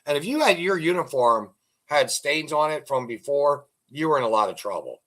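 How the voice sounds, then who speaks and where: A middle-aged male host with a fairly high voice for a man. He talks in a loose, rambling way and drifts into long joke-telling and anecdotes in a casual interview chat. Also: big pitch swings, moderate pace, fairly bright tone.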